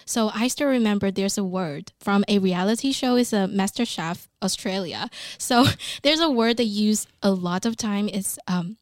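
A woman's voice: medium pitch, normal speed, few pauses, dry recording, studio quality. A woman with a Taiwanese accent and native Mandarin, chatting on a podcast in English and telling stories with lots of "like" fillers. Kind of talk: casual podcast chat.

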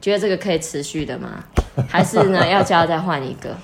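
A woman's voice: lowish voice, lively intonation, quick pace, background noise. A woman from Taiwan hosting a casual bilingual chat, cheerful and giggly. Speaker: host.

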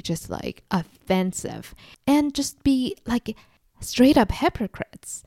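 A woman's voice: mid-range voice, very animated, takes it slowly, a little mellow, no room sound, clean studio sound. A woman in her twenties hosting a solo podcast, talking in a reflective, confiding way and sometimes mimicking people sarcastically. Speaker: podcast host.

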